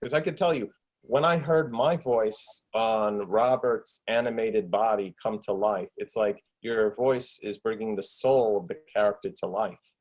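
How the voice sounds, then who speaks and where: A man's voice: on the low side, a little slow, darkish tone, low-quality recording. A man, an actor and filmmaker, talking enthusiastically in a casual interview from home, with many fillers and restarts. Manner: enthusiastic, rambling, lots of fillers. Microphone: desktop USB microphone with pop shield.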